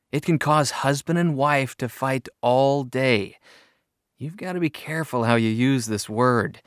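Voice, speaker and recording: A man reading book excerpts aloud in a measured, expressive storybook style. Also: medium pitch, dry recording, clean studio sound.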